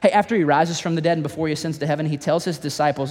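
A male pastor preaching a sermon in a church, telling stories in a playful, animated way with asides to the congregation. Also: a little high, racing, long reverb tail.

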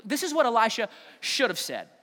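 A high-voiced man preaching a lively sermon, acting out voices with a playful bite. His voice rings through a large hall with a long echo. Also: fairly quick. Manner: animated storytelling with playful trash-talk voices.

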